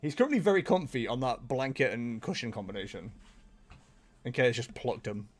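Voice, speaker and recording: A man's voice: mid-range voice, lively intonation, a little fast. A man hosting a livestream, chatting casually with many laughs and rambling restarts. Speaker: streamer and host.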